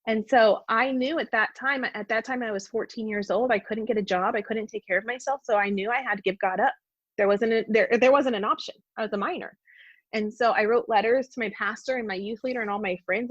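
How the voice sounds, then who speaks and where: A woman's voice: mid-range voice, no echo. A woman telling a personal faith story as a podcast guest, earnest and heartfelt. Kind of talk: personal testimony in conversation. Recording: dull, dry podcast audio.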